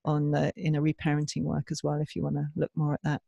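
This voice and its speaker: A man co-hosting a podcast in casual chat, enthusiastic and agreeable, with halting restarts. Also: a little high, completely flat delivery, vocal fry, dark tone, dry recording, lo-fi sound.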